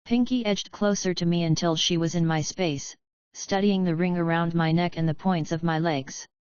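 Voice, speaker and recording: A woman narrating a fanfic audiobook in an even, synthetic-sounding delivery. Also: on the low side, normal speed, smooth, no echo, lo-fi sound. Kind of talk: scripted narration.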